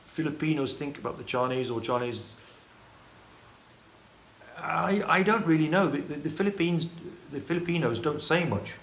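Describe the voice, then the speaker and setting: A man from the United Kingdom telling his life story in a casual, halting vlog monologue full of restarts and fillers. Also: fairly high pitch, a bit bright. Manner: rambling, halting, many restarts and fillers, chuckling. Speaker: vlogger. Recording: echoey room with faint ambient noise.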